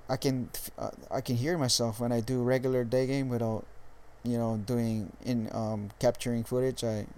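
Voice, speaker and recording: A young man from Hawaii with a Californian accent, giving dating tips in a casual vlog monologue, laid-back and halting, swearing freely. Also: medium pitch, level tone, darkish tone, clear, resonant tone. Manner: laid-back, profane, halting with many restarts. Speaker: dating coach vlogger.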